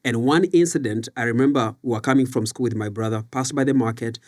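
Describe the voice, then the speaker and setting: A man's voice: mid-range voice, fast talker, a little mellow. A man from Kenya, a leadership coach and author, telling his life story in an earnest, reflective podcast interview. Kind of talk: conversational storytelling.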